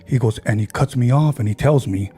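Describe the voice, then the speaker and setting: A man tells a friend's eerie story in a relaxed podcast chat. His voice is husky and mid-pitched, and he slips into the voices of the people he quotes. Soft music plays faintly behind him. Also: a little fast. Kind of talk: casual storytelling.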